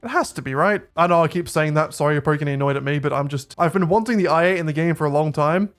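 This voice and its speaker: A man giving relaxed, chatty commentary over gameplay as a YouTuber. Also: fairly high pitch, racing, soft background music. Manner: relaxed, chatty, rates cars offhandedly. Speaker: gaming YouTuber.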